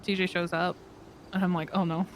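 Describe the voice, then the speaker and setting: A middle-pitched voice tells a long, rambling story in character, quoting other people and breaking into short laughs as it goes. A faint hiss of noise hangs under the speech. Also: flat delivery, fairly quick, fairly bright tone. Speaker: fellow roleplayer. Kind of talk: in-character roleplay chat.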